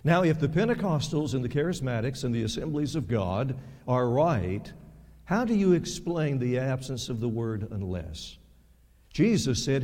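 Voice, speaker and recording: A man preaching a sermon as pastor, emphatic, repeating words for stress and swinging sharply in loudness and pitch. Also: lively intonation, moderate pace. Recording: long reverb of a large hall.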